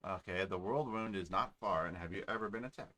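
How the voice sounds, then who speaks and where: A man's voice: sits low, brisk, pushed and bright. A man casually commenting while playing a game, offhand and self-mocking. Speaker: game player. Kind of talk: casual let's-play commentary.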